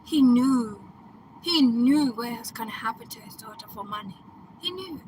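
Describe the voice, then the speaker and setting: A woman coach casually retelling a film plot in an excitable, chatty way, laughing and breaking into loud exclamations. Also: a little high, normal speed, a little hiss or hum, low-quality recording. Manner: chatty, checks in with "right?" and "okay?".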